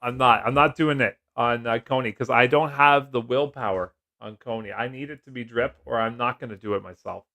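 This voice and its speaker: Man, middle-aged, relaxed live-stream host who jokes and chats with viewers. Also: medium pitch, brisk, few pauses. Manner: chatty, jokey, laughs often, reads comments aloud. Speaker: livestream host. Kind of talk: casual live-stream chat.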